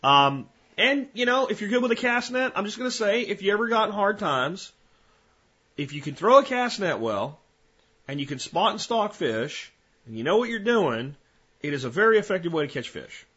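Man, husky voice, podcast host, folksy rambling talk, slightly muffled lo-fi audio. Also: sits high, sing-song, moderate pace, a bit bright.

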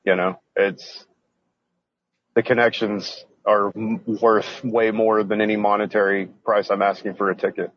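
A man's voice: on the low side, little pitch movement, unhurried, breathy edge, muffled recording. A man who is a guest on a podcast, speaking in an earnest, heartfelt, casual way. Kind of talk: casual interview chat.

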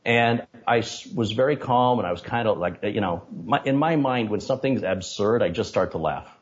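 A man, a tech streamer, recounting a story as an interview guest, in an animated and indignant way. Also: lowish voice, moderate pace. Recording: dull lo-fi audio.

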